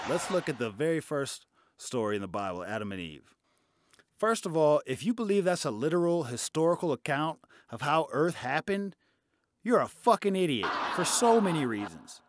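A man doing a stand-up routine, sarcastic and profane. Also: medium pitch. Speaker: stand-up comedian.

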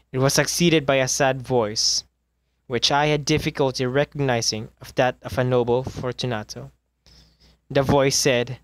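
Male amateur reader, mid-pitched, measured story narration, dry close mic. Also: fairly even intonation, no room sound. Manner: measured, with occasional misreadings and self-corrections. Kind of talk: reading a classic short story aloud.

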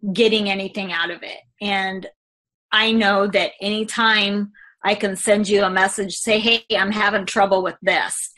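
Woman agent, bright forceful voice, talks candidly and rambles a bit; good for a client testimonial read. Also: medium pitch. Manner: candid, rambling, with many fillers. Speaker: real estate agent. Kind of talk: testimonial interview.

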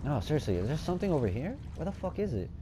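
A man talks over a horror game, mumbling to himself and then bursting into frantic, swearing yells. His pitch swings widely from low grumbles to high panicked cries. A clear layer of noise runs behind his voice. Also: big pitch swings, racing. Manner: swears a lot, swings from muttering to panicked yelling. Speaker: gaming channel host. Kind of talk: let's play commentary.

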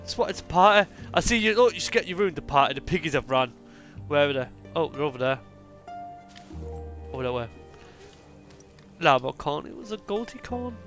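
A man giving excitable, joking live gameplay commentary, swearing a lot. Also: fairly high pitch, normal speed, pauses often, soft background music. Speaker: streamer.

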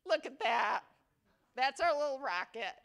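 Lady accepting an award, kinda high voice, takes her time, jokey and sentimental. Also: lively intonation, measured pace, fairly bright tone. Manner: chatty and playfully humorous; affectionate, sentimental. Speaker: faculty award recipient. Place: awards ceremony venue.

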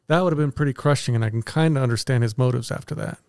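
A man co-hosting a casual movie review podcast, talking in an animated way and tossing out questions and theories. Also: medium pitch, rapid-fire, smooth, dry recording, studio quality. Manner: animated, speculative, poses questions. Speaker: podcast co-host.

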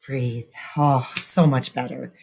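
A woman teacher recording a mini lesson for young students, patiently modeling how to read aloud and pause to breathe. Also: extremely low pitch, fairly even intonation, darkish tone, a little hiss or hum. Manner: clear, patient modeling, reads text aloud with exaggerated breathlessness.

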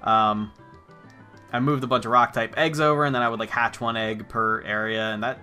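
Bright-voiced joking let's play host. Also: male voice, mid-range voice, steady tone, normal speed, soft background music. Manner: joking, rambling, swears freely. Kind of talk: casual gameplay commentary.

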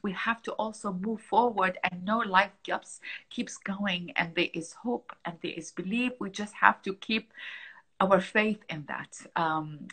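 A woman's voice: medium pitch, a bit bright, breathy edge, poor audio. A middle-aged woman speaking in an emotional, reflective conversation as an interview guest, heartfelt and openly moved. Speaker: founder and guest.

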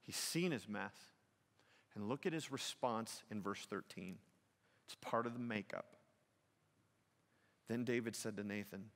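A man preaching a sermon as pastor, telling a story with rising, emphatic delivery that swings high and loud at dramatic points. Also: a little slow, pauses often, in a large hall.

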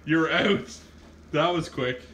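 A man hosting a hot sauce challenge among friends, teasing and excitable in casual banter. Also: a little high, takes it slowly. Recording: echoey room with faint noise.

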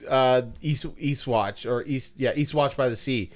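A man co-hosting a casual podcast, relaxed and agreeable, laughing along with the others. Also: medium pitch, measured pace. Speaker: podcast co-host. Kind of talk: casual chat.

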